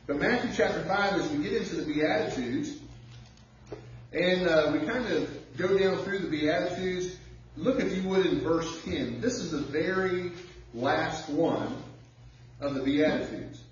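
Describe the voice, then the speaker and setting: A pastor preaching a sermon in a conversational way, drawing out words for emphasis and telling personal stories. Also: male voice, a little high, measured pace, a little hiss or hum. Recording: echoey church heard from far off, dull sound.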